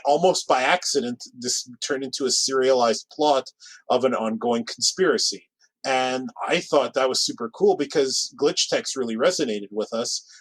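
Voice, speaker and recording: A man co-hosting a podcast in casual chat, rambling along with restarts and quick asides. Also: mid-range voice, no echo, rough recording. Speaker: podcast co-host.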